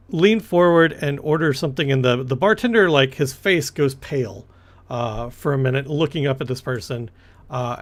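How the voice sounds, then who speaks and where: A man narrating a tabletop game as game master, rambling with many fillers and restarts. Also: medium pitch.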